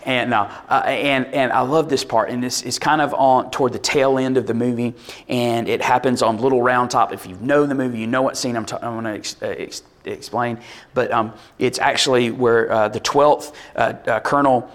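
A man preaching a sermon, telling a story with rising energy and bursts of shouting. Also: medium pitch, normal speed. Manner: animated storytelling, builds to shouts.

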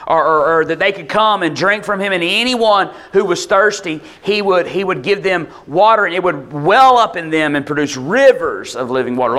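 A man preaches in an easy, conversational way, keeping his explanations casual. His voice sits a touch high for a man, and he slips into quoted voices as he tells the story. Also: a bit bright. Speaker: pastor. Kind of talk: sermon.

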